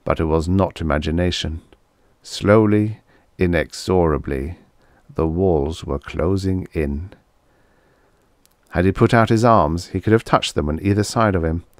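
A man narrating vintage science fiction stories in a measured, dramatic storytelling manner. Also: low-pitched, dry recording, studio quality. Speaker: audiobook narrator.

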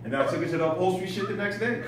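A man's voice: sits high, steady tone, very fast, a crowd in the background. A man telling a story in a stand-up comedy set, laughing at his own tale and swearing freely. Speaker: stand-up comic. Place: comedy club stage. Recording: echoey room, distant mic, background noise.

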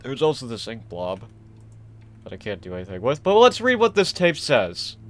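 A young man casually commenting on a horror game he is playing, rambling, excitable and self-deprecating. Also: mid-range voice, moderate pace. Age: young adult. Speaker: gaming channel host. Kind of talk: casual let's-play commentary.

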